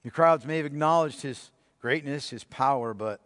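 A man preaching a sermon as pastor, emphatic, asking the congregation rhetorical questions and dropping to a hushed voice for effect. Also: mid-range voice, moderate pace, in a large hall. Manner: dramatic drops to a hushed voice.

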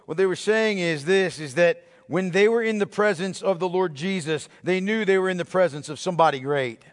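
A man preaching a sermon as pastor, emphatic, asking the congregation rhetorical questions and dropping to a hushed voice for effect. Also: high voice, fairly quick, in a large hall. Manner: dramatic drops to a hushed voice.

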